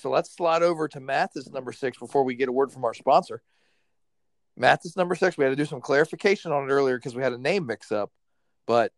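A man's voice: medium pitch, dry recording. Upbeat man steering a podcast, dry. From South Carolina Lowcountry. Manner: upbeat, keeps the show moving. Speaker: podcast host running the list. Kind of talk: casual chat.

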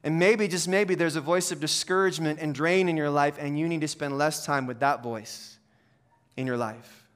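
A high-voiced man preaching to his church. He drops into soft, low, earnest stretches, then builds to loud, punchy exhortations that call the congregation to act. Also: fairly even intonation, normal speed, smooth. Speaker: pastor. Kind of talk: sermon.

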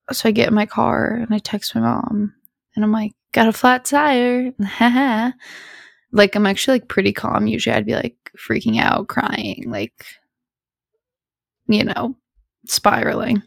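Chatty young woman with a gravelly edge. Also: a little high, slow pace, long pauses, no echo, studio quality. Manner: rambling, filler-heavy, scattered. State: sleepy, yawning. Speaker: podcast host. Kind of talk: casual storytime chat.

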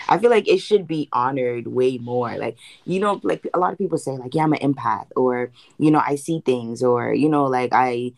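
Woman, very low gravelly voice, relaxed co-host, dry mic. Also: normal speed, hardly any pauses, no room sound. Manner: laid-back, gives many short agreeing replies. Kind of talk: casual chat.

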